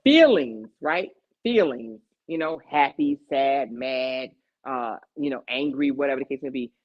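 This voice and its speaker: A woman's voice: rumbling low, lively intonation, unhurried. Emphatic woman giving life advice, dull lo-fi sound. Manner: emphatic, preachy life advice with rhetorical questions. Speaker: podcast host. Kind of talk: casual heart-to-heart chat.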